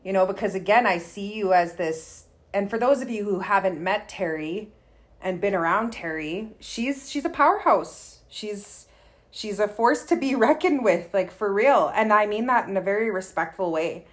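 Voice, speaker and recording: A woman's voice: medium pitch, normal speed. Woman, guest, casual storytelling, candid, filler-heavy. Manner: candid, chatty, many likes and ums.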